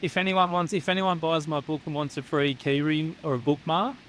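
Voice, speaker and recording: A man's voice: on the high side, fairly even intonation, brisk, fairly bright tone, slight background noise, rough recording. An Australian man who works as a psychotherapist, speaking as a guest in a candid, casual chat, blunt and swearing freely. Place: home near the beach.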